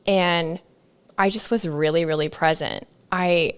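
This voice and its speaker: A woman's voice: on the low side, steady tone, measured pace, clear, resonant tone. A woman hosting a podcast, talking casually and candidly, playful when she quotes herself. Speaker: podcast host.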